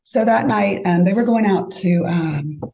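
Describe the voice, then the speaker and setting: Woman guest, warm low voice with vocal fry, casual storyteller. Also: a little slow. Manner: chatty, acts out both sides of conversations.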